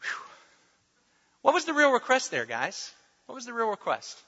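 Bright-voiced preacher, emphatic. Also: male voice, very high voice, wildly swooping pitch, moderate pace, slightly rough. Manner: emphatic, repeats key phrases, playful asides. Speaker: pastor. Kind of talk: sermon. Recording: dull recording with long hall reverb.

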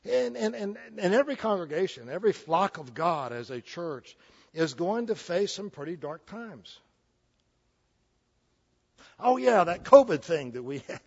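A man's voice: high-pitched, very animated, unhurried, husky, muffled recording. A man in his sixties delivering a folksy, joking sermon, often restarting his sentences. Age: 60s. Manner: folksy, jokey, with frequent restarts. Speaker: preacher.

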